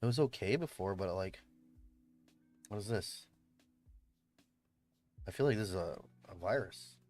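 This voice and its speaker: Over soft background music, a man with a fairly low, slightly mellow voice livestreams from his room at home on a streaming mic. A livestreamer and event host, he's expressive and measured, rambling casually while swearing and laughing often.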